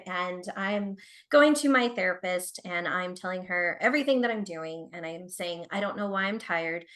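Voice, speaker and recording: A woman's voice: lowish voice, a bit bright. Chatty woman consultant telling her story. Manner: chatty, addresses listeners directly, frequent "like". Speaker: productivity consultant guest. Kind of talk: candid personal storytelling.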